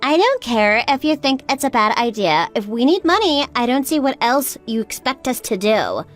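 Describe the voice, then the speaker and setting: A woman's voice: on the high side, very animated, moderate pace, soft background music. A woman voicing a stressed young mother who pleads and sounds upset. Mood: distressed.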